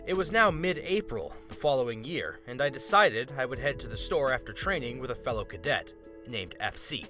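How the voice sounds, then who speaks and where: Animated man reading a story aloud. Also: mid-range voice, moderate pace, music in the background. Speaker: story narrator.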